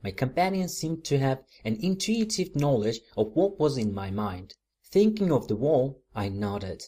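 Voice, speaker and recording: A man reading a first-person audiobook in a measured, composed storytelling manner. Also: medium pitch, very animated, dark tone. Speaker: audiobook narrator.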